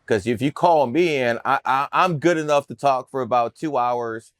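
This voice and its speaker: A man's voice: medium pitch, normal speed, fairly bright tone, no echo, clean studio sound. A man telling stories about his numerology career in a brash, profane, boastful way on a podcast. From Cleveland area, USA. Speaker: numerologist guest. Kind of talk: casual podcast storytelling.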